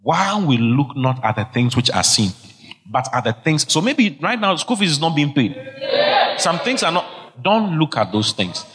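A man's voice: a little high, very animated, normal speed, heavy background noise. A middle-aged man preaching a sermon, emphatic and exhorting, repeating key phrases. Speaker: pastor. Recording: long hall reverb.

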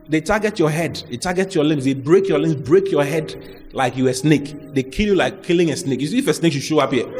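Man, sermon, animated preaching, slightly high voice, faint music behind. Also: big-room sound. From Ghana. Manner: animated preaching with humor and dramatized quotes. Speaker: pastor.

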